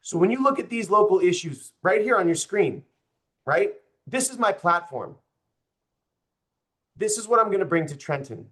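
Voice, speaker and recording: A man's voice: high-pitched, animated, normal speed, pauses often, a bit bright. Passionate young man giving a stump speech. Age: young adult. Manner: passionate, frustrated, direct with the audience. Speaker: political candidate. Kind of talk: campaign speech to a group.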